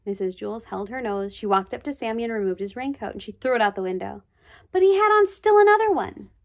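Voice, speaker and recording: A woman reading a children's book aloud, expressive, with chatty asides. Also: fairly high pitch, a little fast, vocal fry. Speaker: storybook reader.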